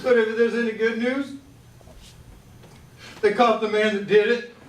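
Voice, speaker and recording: A man's voice: high voice, fairly even intonation, measured pace, a little hiss or hum. Man playing a folksy frontier messenger. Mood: urgent. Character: frontier townsman bringing bad news. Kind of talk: stage play acting. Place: theater stage. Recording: roomy stage sound from far off.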